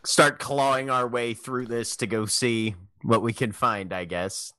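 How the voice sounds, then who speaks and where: A man's voice: mid-range voice, fairly even intonation, unhurried, bright, forceful tone, smooth. A man playing a tabletop game, chatting in a laid-back way with brief replies. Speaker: player. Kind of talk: casual chat at a game table.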